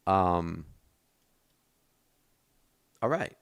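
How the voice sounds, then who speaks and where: A man's voice: medium pitch, very animated, moderate pace, sharp tone, smooth, no echo, studio quality. A man streaming a game and chatting casually with his viewers, thanking donors and talking straight to chat from his desk.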